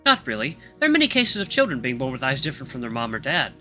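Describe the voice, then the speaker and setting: A man voicing a young male wolf grandmaster who lectures in a calm, monotone way. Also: medium pitch, quick pace, faint music behind, exaggerated voice. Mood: lecturing.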